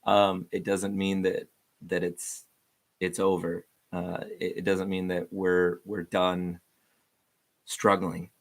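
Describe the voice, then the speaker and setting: A man's voice: low-pitched, completely flat delivery, takes it slowly. A man giving an informal, earnest devotional talk to viewers, rambling with frequent restarts.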